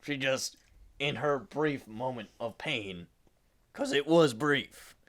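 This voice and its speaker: A man's voice: mid-range voice, takes it slowly. A man on a comedy podcast who tells absurd improvised stories in a matter-of-fact way. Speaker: podcast panelist. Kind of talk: casual comedic improv storytelling.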